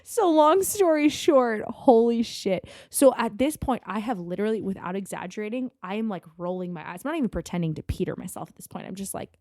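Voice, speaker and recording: A woman telling a story in a casual podcast chat, animated and cursing freely. Her voice sits at an ordinary pitch. The sound is dry and close. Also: a little fast, few pauses, no room sound. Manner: animated, swearing, acts out quotes. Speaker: guest.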